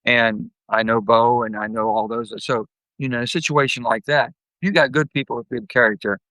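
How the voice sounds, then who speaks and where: An older man, a guest telling blunt, folksy stories and acting out his anecdotes with lively jumps in pitch. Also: normal speed, no room sound, low-quality recording. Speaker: guest, former senator. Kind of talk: candid storytelling interview.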